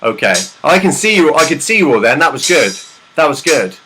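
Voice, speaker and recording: A man's voice: a little high, very animated, fairly quick. A young man doing stand-up comedy at an online open mic, rambling and self-deprecating, with chatty asides, over a hissy video call. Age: young adult.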